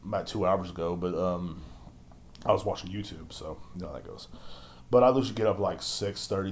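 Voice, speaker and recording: Young guy, low voice, solo podcast rant, foul-mouthed and mocking. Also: darkish tone. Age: young adult. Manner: profane, ranting, mocks others in squeaky voices. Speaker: podcast host.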